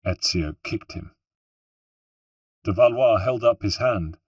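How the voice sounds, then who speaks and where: A man narrating an audiobook in a steady, measured way. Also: fairly low pitch, breathy edge, no room sound, far from the mic. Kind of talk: scripted narration.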